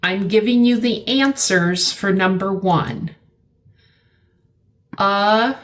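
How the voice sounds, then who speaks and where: A middle-aged woman teaching a vocabulary lesson, slow and deliberate, repeating words for her learners. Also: mid-range voice.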